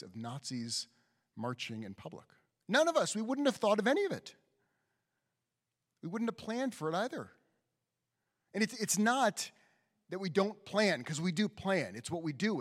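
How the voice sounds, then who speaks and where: A man, a rabbi, giving a sermon in a conversational storytelling style inside a synagogue sanctuary. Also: on the high side. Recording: long hall reverb.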